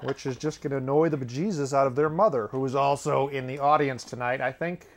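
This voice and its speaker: Brisk and steady in tone, with a medium-pitched voice, this comedy show host delivers a wandering monologue. He drops casual, sardonic asides and laughs at his own jokes.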